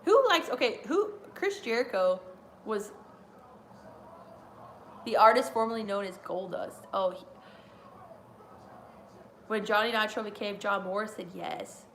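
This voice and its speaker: A woman's voice: mid-range voice, lively intonation, a little slow, pauses often, a bit bright, a little hiss or hum. A woman hosting a casual wrestling watch-along, chatting in a rambling way and laughing often. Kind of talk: casual live reaction chat.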